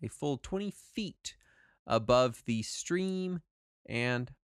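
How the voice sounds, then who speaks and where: A man narrating a tabletop game as its game master. He talks in a relaxed way, laughs easily and fills pauses with "uh." His pitch moves a lot, and the sound is dry and close. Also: no echo.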